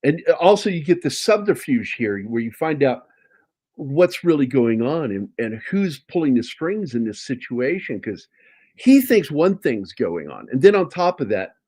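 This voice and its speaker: A man's voice: mid-range voice, a little mellow, slightly rough. Rambling, cursing male comic artist. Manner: rambling, swears casually, many restarts. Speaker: comic artist showing his work. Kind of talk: casual chat.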